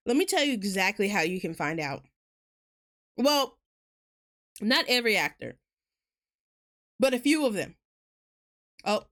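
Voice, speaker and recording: A woman's voice: medium pitch, a bit bright. A woman streamer chatting casually while gaming, rambling through tangents and laughing often. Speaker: game streamer.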